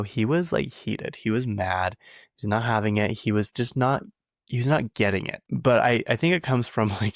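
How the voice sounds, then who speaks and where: Chatty low-voiced man dishing gossip. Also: no echo. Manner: chatty, rambling, heavy use of "like". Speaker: podcast host. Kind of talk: casual pop-culture gossip chat.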